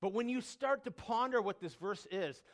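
A man's voice: high-pitched, expressive, normal speed. A man preaching a sermon, emphatic, repeating key words and dropping his voice when quoting scripture. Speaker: pastor.

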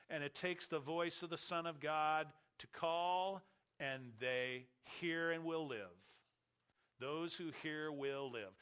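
Emphatic male preacher, bright voice. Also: a little high. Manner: emphatic, slows and stresses key words. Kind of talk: sermon.

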